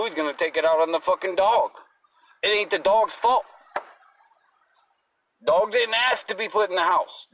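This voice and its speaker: Man, agitated profane rant, blunt, average pitch, distant from the mic. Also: fairly bright tone. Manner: agitated, blunt, swears often. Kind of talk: casual profane rant to camera.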